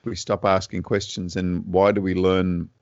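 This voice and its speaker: Co-hosting a podcast, this Australian man thinks out loud in easygoing conversation, laughing a lot and restarting often. His low, darkish voice barely shifts in pitch and keeps a moderate pace, captured dry on a dull lo-fi recording.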